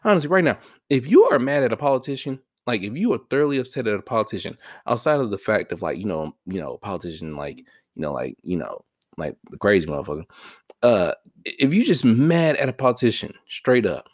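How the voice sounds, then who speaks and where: A man hosting his own vlog in a profane, casual rant that swings between loud, high-pitched outbursts and low mutters. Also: sing-song, fast talker, dry recording, clean studio sound. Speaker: vlog host. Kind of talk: casual ranting monologue.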